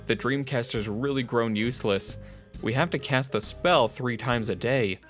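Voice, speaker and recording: A man's voice: medium pitch, moderate pace, a bit bright, soft background music. A man voicing a story game playthrough, reading narration and characters with joking asides. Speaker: game streamer reading a visual novel aloud. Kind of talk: casual voiced playthrough.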